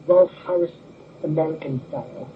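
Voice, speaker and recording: A man's voice: on the high side, normal speed, a little hiss or hum. A man from the United Kingdom with a British accent, a podcast guest with a dry, understated delivery. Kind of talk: casual chat. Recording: tinny phone-like call audio.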